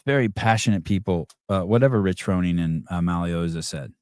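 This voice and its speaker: Male podcast host, lowish voice, dry close sound; sarcastic, rambling, swears freely. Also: fairly quick, a little mellow, smooth, dry recording. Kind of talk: live call-in chat.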